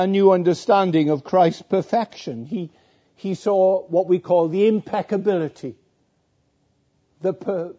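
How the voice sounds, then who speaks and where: A male preacher delivers a sermon slowly and deliberately, with a very dark, mellow tone. His pitch sits a little high for a man. The recording is dull and lo-fi. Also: breathy edge. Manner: slow, deliberate preaching with repeated phrases and quoted scripture.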